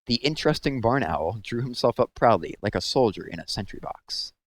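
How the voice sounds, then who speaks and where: A man reading a children's book aloud with expressive storytelling, close to the mic. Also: mid-range voice, fairly quick. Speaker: read-aloud host.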